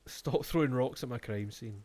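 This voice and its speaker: A man's voice: medium pitch, normal speed, a little mellow. A man streaming a video game, reading its text aloud with profane, laughing asides. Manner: profane, laughing asides between read-outs.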